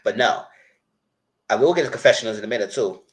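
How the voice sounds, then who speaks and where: Male reality-TV commentator, lively sassy delivery with big pitch swings, casual live chat. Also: quick pace. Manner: animated, sassy, frequent squealing jumps in pitch when mimicking. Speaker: commentator reviewing a reality show.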